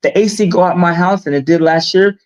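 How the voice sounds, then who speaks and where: A middle-aged man talking in a casual live-stream chat, animated and emphatic, telling stories with asides. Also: high-pitched, a little fast, dull audio, slight background noise. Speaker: guest.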